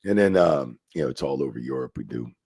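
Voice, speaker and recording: A man who is a former wrestling referee, telling profane, animated backstage stories in a casual interview and acting out the quotes. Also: extremely low pitch, quick pace, slightly rough, dry recording. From New Jersey.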